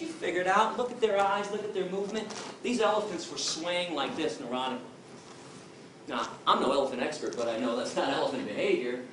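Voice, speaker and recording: A man giving a forceful, emphatic answer to an audience question as an activist lecturer, voicing quotes with a lot of emphasis. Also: high voice, a little fast. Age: 20s. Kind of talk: impassioned Q&A answer. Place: large lecture hall. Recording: very echoey hall from far off, noisy.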